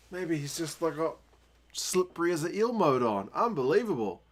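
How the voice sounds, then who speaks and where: A man with a New Zealand accent hosting a casual rugby watchalong stream, chatting with viewers and getting excited at big plays. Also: a little high, normal speed. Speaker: livestream host.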